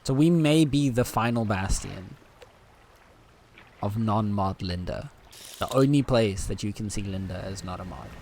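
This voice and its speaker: A man's voice: on the low side, animated, a little slow, darkish tone, a little hiss or hum. A man streaming a game and chatting casually with his audience, playful and teasing, laughing often. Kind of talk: casual live-stream chat.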